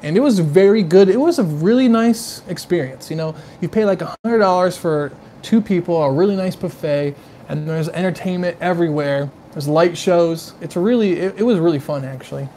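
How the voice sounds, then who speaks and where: A livestream host with a high-pitched, mellow voice talks a little fast, gushing effusively over the tastes and smells of what he samples. He rambles casually with viewers in chatty asides, against slight background noise.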